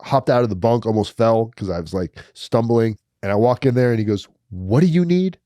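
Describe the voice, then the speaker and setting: Blunt man with a dark voice. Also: fairly low pitch, a little fast, dry recording, clean studio sound. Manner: blunt, profane, emphatic, many restarts. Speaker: podcast guest. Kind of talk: personal storytelling.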